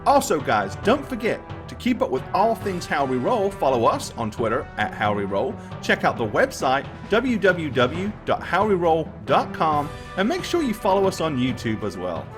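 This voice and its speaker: Male dungeon master, storytelling narration, lively delivery, higher register. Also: normal speed, hardly any pauses, over music. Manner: lively storytelling with filler words. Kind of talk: narrating a tabletop game and show outro.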